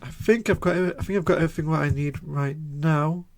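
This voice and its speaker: Man, fairly high voice, casual game streamer, halting and repetitive, reading game text aloud. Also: vocal fry, slight background noise. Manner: halting, repeats words while reading.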